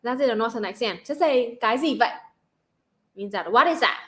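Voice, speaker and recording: A woman from Central Vietnam with a Vietnamese accent, hosting a casual livestream chat, bubbly and quick to laugh. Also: on the high side, expressive. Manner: bubbly, laughs often, reads donation questions. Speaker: livestream host.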